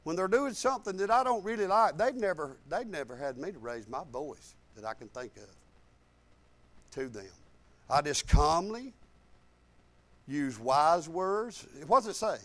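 Animated high-voiced man preaching. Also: measured pace, pauses often. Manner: folksy, animated storytelling with colloquial grammar. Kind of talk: sermon.

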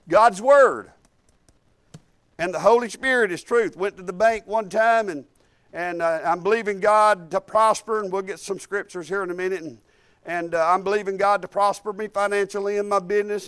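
A man's voice: sits high, clear, resonant tone, dry recording. A middle-aged man preaching an informal sermon, telling folksy personal stories and building emphatic cadences on scripture.

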